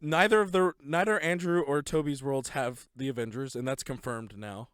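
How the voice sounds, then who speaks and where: A man's voice: mid-range voice, moderate pace, fairly bright tone, clear, resonant tone, dry recording, studio quality. A young man co-hosting a podcast, eagerly retelling movie scenes and laughing as he goes. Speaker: podcast co-host. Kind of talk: casual movie review chat.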